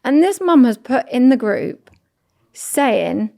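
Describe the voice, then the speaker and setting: A woman co-hosting a podcast, telling a story in an animated, chatty way. She acts out what other people said. Her voice sits a little higher than average. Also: slow, vocal fry. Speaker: podcast co-host. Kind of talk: casual chat.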